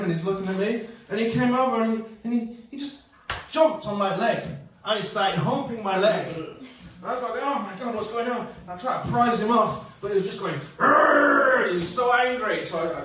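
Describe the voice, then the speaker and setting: A man's voice: high voice, a bit bright, a little hiss or hum. A man doing stand-up comedy in a pub, rambling and self-deprecating as he acts out bits of dialogue. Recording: roomy echo from far off.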